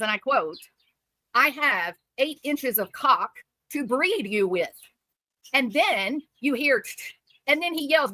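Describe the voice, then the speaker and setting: A woman's voice: on the high side, bright, forceful tone, dry recording. A woman giving heated commentary as a streamer, scolding and repeating herself for emphasis.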